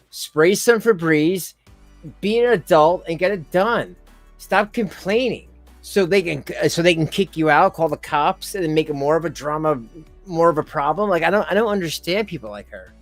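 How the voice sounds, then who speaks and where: A middle-aged man giving blunt, sarcastic, exasperated reaction commentary as a channel host. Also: sits high.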